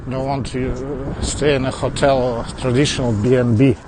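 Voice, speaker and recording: A livestreamer with a mixed foreign accent in English chats casually with viewers while walking suburban streets, holding his phone as the mic. His mid-pitched voice is level and at normal speed, answering viewers as he goes with small laughs and restarts. Clear outdoor noise and passing traffic are audible behind him.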